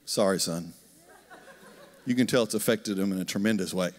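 A pastor with a low voice preaches a conversational sermon at a moderate pace in a church sanctuary. He tells stories animatedly and asks the congregation questions, and the recording carries long hall reverb.

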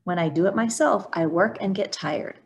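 A woman voicing a sly, sleepy male turtle in a storybook reading, calm and drowsy. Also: mid-range voice, normal speed, lightly acted.

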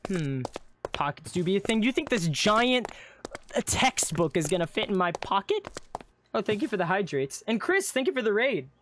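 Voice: mid-range voice, sing-song, moderate pace, a bit bright, a little hiss or hum. A streamer playing through a live game roleplay, stammering and rambling with lots of fillers. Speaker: streamer and player character.

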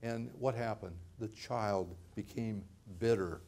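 A man's voice: on the low side, takes it slowly, gravelly, a little mellow. An older man, a pastor, preaching a sermon in a conversational way, often repeating words and laughing lightly.

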